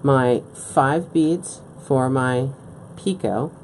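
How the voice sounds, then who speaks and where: Lady with a really deep mellow voice walking through beadwork step by step, keeps asking okay?, faint hiss behind. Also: extremely slow. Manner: patient, step-by-step explaining, often checking in with "okay?". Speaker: beading instructor. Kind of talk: live-stream craft demonstration. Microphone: live-stream setup at a work table.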